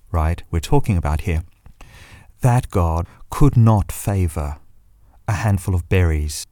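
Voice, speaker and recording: A man talks through a reflective solo monologue with a low, deep voice. He muses and searches for his words, and sometimes reads passages aloud. The sound is dry and close, with no room around it. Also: warm tone, no echo. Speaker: podcast host.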